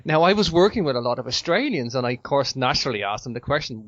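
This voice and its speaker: Animated male podcast host, lo-fi sound. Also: fast talker, no room sound. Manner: animated storyteller with sudden high-pitched outbursts. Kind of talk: casual chat. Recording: muffled lo-fi dry sound.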